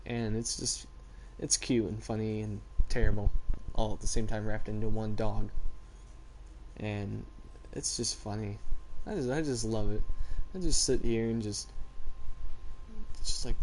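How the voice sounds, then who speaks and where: A man's voice: lowish voice, steady tone, measured pace, long pauses, darkish tone, slight background noise. Laid-back teenage guy rambling casually. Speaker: vlogger. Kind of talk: casual chat.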